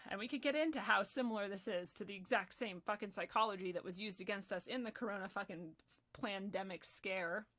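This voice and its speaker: A young woman giving heated personal commentary, swearing often and swinging between loud ranting and soft, quiet asides. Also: medium pitch. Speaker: video commentator.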